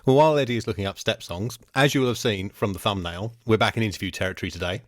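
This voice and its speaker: A man hosting a casual podcast, wry and quick to laugh as he leads the chat. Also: lowish voice, dry recording, clean studio sound. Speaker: podcast host.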